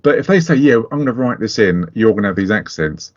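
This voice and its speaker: A man's voice: on the low side, animated, fast. A middle-aged man co-hosting a casual film review podcast, blunt and sweary, often laughing. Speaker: podcast co-host. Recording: dull lo-fi podcast audio.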